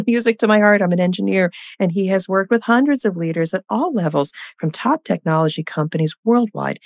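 A woman's voice: lowish voice, vocal fry, darkish tone, no room sound, studio quality. A woman hosting an interview podcast, welcoming her guest in an upbeat, effusive way. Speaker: podcast host.

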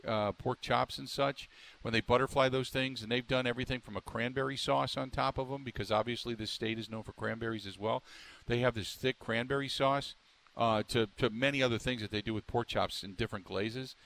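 A man's voice: mid-range voice, fairly even intonation, fairly quick, vocal fry, fairly bright tone. A man hosting a sports talk radio show, rambling and emphatic, stumbling through restarts as he riffs on the local team.

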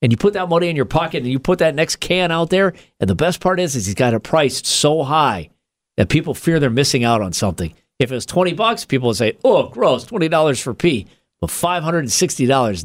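A man co-hosting a casual comedic podcast, telling stories in an animated, profane way. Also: fairly high pitch, brisk. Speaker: podcast co-host.

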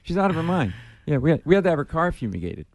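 A man's voice: fairly high pitch, very fast, slight background noise. A man from Providence, a guest comedian telling stories in a studio interview and acting out the dialogue as he goes. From Providence, Rhode Island. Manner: animated, punchline-driven storyteller who acts out dialogue. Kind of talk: storytelling in a casual interview.

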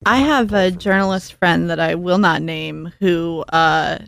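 A woman as a podcast guest, making wry deadpan jokes in casual chat. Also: fairly low pitch, unhurried, vocal fry, no echo, studio quality.

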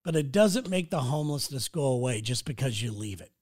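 A man's voice: mid-range voice, expressive, a little fast, darkish tone. A man hosting his own podcast, talking alone in a blunt, rambling way and swearing freely. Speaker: podcast host. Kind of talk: casual solo monologue. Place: city.

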